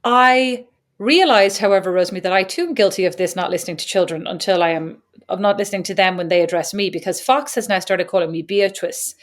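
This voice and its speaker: A woman's voice: on the low side, steady tone, fast talker, hardly any pauses. A woman in her forties co-hosting a podcast in casual chat, talkative and laughing often. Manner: chatty, laughs often, acts out kids' voices. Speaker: podcast co-host.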